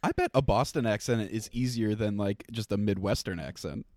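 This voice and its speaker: A man's voice: lowish voice, moderate pace, darkish tone, dry recording. A man co-hosting a podcast, riffing playfully and laughing often in casual chat. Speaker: podcast co-host.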